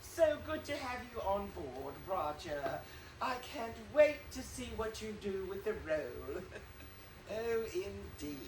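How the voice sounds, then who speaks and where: A woman's voice: medium pitch, very animated. An actress playing a gushing, fluttery woman who runs a playhouse, stammering and giggly, in a live stage play. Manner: stammering, giggly, drawn-out theatrical delivery. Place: theater stage. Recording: echoey stage, distant mic, faint hiss.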